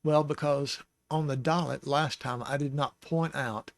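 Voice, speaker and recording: A man's voice: a little high, fairly even intonation, gravelly, dry recording, studio quality. A man teaching the Hebrew alphabet in a patient, casual lesson, with small jokes and chuckles along the way. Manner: slow, patient, joking asides with chuckles.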